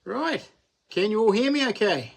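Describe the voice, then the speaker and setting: A middle-aged man with a New Zealand accent chats casually as a live-stream host, his voice sitting a little high for a man. He is friendly and matey, greeting viewers by name and laughing often as he talks. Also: sing-song, moderate pace, vocal fry. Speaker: livestream host.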